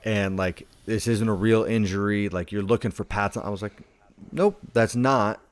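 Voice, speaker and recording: A man's voice: lowish voice, fairly even intonation, moderate pace, dry recording. A man in casual conversation, rambling through stories and leaning heavily on "like". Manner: rambling storyteller, heavy on "like".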